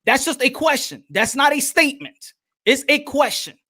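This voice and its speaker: A man hosting a live online boxing show, pressing his point in a heated panel debate and repeating himself to calm the others down. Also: very high voice, moderate pace.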